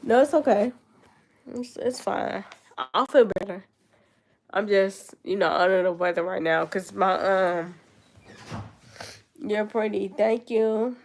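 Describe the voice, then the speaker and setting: A woman's voice: medium pitch, takes it slowly, pauses often, darkish tone, slight background noise. A nineteen-year-old woman with a cold and a stuffed-up nose, rambling in casual chat with her viewers on a livestream. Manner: rambling, answering chat comments.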